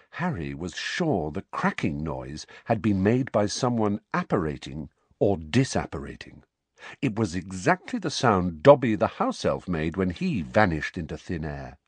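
A man reading a novel aloud as an audiobook narrator, in expressive storytelling narration. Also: breathy edge, no room sound. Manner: expressive storytelling, rising pitch on anxious questions. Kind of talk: scripted narration.

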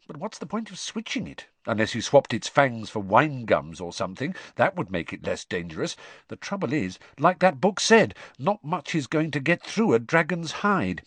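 A man voicing an anxious, bookish teenage girl who talks rapidly and frets. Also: a little high, breathy edge, dry recording, pitched above the performer's own voice. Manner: rapid, fretful chatter.

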